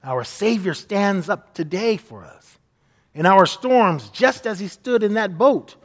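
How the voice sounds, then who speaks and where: A man's voice: sits high, expressive, slow pace, big-room sound. A man preaching a sermon as pastor, earnest, and often acting out the people he quotes.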